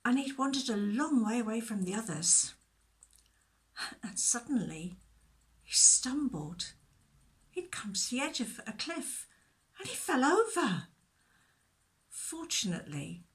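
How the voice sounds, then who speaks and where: A woman telling a Bible story to children, expressive, with whispered asides. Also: mid-range voice.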